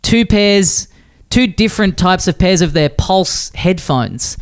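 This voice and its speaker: A man co-hosting a podcast, chatting in a relaxed way, swearing casually, with lots of ums and uhs. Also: high-pitched, slow pace, clean tone. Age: adult. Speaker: podcast co-host. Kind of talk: casual chat.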